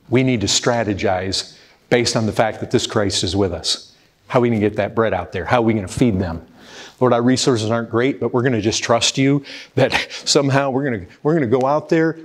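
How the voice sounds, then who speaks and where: A man's voice: mid-range voice, normal speed. A man preaching an urgent, pleading sermon, often appealing to his listeners as brethren. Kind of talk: fervent sermon.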